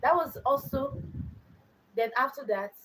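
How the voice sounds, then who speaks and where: A woman's voice: high voice, a little slow, a bit bright, distant mic, slight background noise, poor audio. A young adult woman hosting her own channel, telling a personal story in an earnest way, repeating phrases for emphasis. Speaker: channel host.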